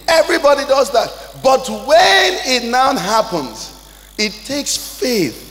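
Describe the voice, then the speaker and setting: A Nigerian man, a pastor, preaching a sermon, swinging between loud, high calls and low, quiet asides. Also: very animated, unhurried. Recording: church hall reverb, faint noise.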